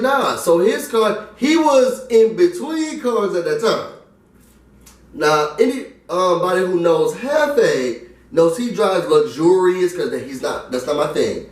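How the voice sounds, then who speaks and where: A young man from New York telling a story casually and animatedly, acting out the other people's lines. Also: fairly high pitch. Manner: animated, acts out the voices in his story. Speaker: vlogger. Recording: roomy, mic at a distance.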